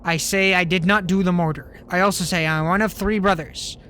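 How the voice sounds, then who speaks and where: A man's voice: sits high, fairly even intonation, brisk, sharp tone, a little hiss or hum. A man voicing a sly male talking tree in a video game, speaking in mock-archaic old English. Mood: scheming.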